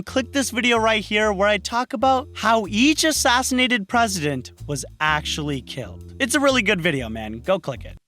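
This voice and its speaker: A man narrating history with a comic edge, tossing in playful asides. His voice is high and swings lively across its range. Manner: jokey asides, playful and theatrical. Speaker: YouTube host.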